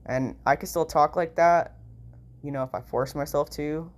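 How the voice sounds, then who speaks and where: A woman's voice: low-pitched, steady tone, normal speed, a little hiss or hum. A tired, sleep-deprived woman with a nasal voice, talking in a rambling casual vlog, full of "like" and "you know" and freely swearing. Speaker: vlogger.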